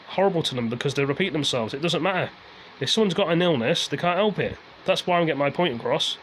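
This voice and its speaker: A man's voice: a little high, a bit bright, a little hiss or hum, poor audio. A man ranting casually to his viewers, rambling and repeating himself as he airs his frustration. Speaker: vlogger.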